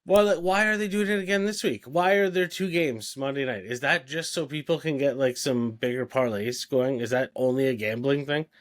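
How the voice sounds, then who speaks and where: A man's voice: medium pitch, fairly even intonation, normal speed, hardly any pauses. Casual man rattling off football picks. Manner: rattles off picks, wry asides. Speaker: podcast co-host. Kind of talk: casual chat, listing picks.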